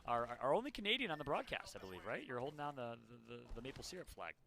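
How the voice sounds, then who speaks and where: A man doing energetic play-by-play commentary as an esports caster, rising to shouts on eliminations. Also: medium pitch, racing.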